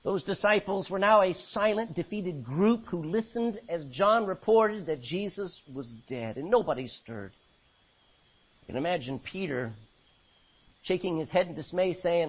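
A man preaching a sermon, animated, acting out voices from the scripture he reads. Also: sits high, unhurried, slightly rough. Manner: animated, acts out biblical voices. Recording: dull lo-fi recording.

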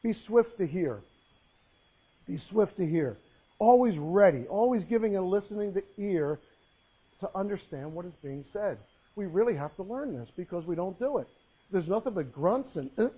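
A man's voice: high voice, husky. A man preaching a sermon, telling folksy jokes between Bible readings. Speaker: pastor. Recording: phone-like narrow sound.

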